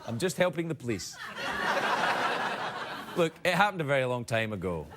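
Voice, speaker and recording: A man's voice: medium pitch, normal speed, very noisy. A man hosting a late-night talk show, joking and rambling through a comic monologue and viewer emails. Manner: joking, rambling, animated delivery. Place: television studio with live audience. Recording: broadcast studio with loud audience laughter.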